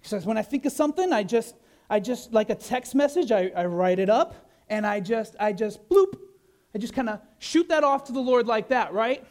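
A man pastor preaching a sermon, animated, with many rhetorical questions and repeated words. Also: very high-pitched, normal speed.

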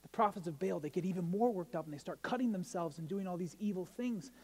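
Man, pastor, chatty sermon, high voice, long hall reverb. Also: fast talker, darkish tone, breathy edge. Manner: conversational, asks the crowd "right?", tells jokey stories.

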